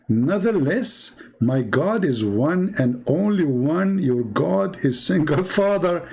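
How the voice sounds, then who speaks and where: A man's voice: on the high side, lively intonation, slow, gravelly, few pauses, a little mellow, slightly rough. A man hosting a live-streamed religious debate, mocking and sarcastic, who laughs at his opponent and hammers his points through repetition. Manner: emphatic, repeats points. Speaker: livestream host debating a caller.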